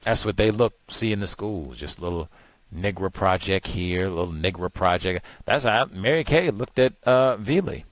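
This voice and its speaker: A man hosting a talk show, giving casual, exasperated commentary that swings from low mutters to incredulous high outbursts. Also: lively intonation, normal speed, dry recording.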